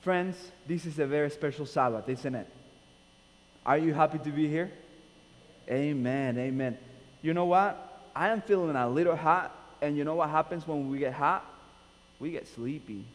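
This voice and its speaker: A man's voice: fairly high pitch, moderate pace. A man with a Nicaraguan Spanish accent, a pastor who welcomes his congregation, prays and opens a sermon in a casual, joking way. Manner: informal, joking, self-deprecating. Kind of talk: friendly church welcome and sermon. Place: church sanctuary. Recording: echoey church hall with faint hum.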